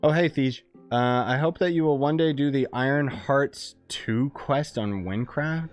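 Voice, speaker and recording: A man live-streaming a game, chatting casually and excitedly with viewers as he plays and rambling between topics. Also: medium pitch, unhurried, hardly any pauses, faint music behind. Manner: excitable, rambling, chats with viewers while playing.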